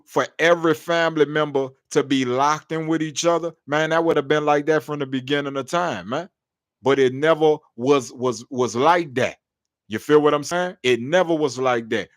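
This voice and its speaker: A man's voice: medium pitch, no echo, clean studio sound. A man in his thirties, a podcast host preaching in a slangy street style who keeps checking in with the listener.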